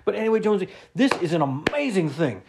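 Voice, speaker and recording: A man's voice: high-pitched, sing-song, fast, background noise. A middle-aged man doing a comic monologue. He rambles, stammers and repeats words, with a mock-indignant tone. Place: lives in Florida.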